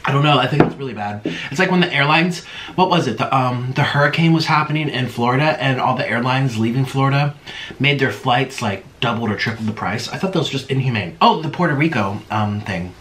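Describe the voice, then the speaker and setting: A man's voice: medium pitch, animated, brisk, a bit bright, a little hiss or hum. A man chatting casually to viewers while eating, humming with his mouth full between sentences. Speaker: mukbang vlogger.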